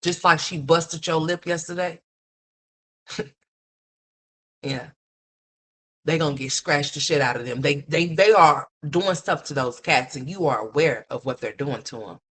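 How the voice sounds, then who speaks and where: A woman with a low voice hosts a ranting commentary stream. She scolds bluntly and curses freely. Now and then she mocks other people by mimicking them in a higher voice. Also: unhurried, long pauses, fairly bright tone, husky. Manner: blunt, scolding, profane, mocking.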